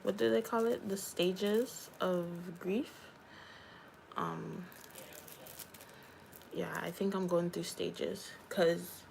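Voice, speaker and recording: A woman's voice: on the low side, creaky, a little hiss or hum, low-quality recording. A young woman, a YouTuber and hairstylist, chatting candidly on a livestream and talking straight to her viewers. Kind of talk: casual livestream chat.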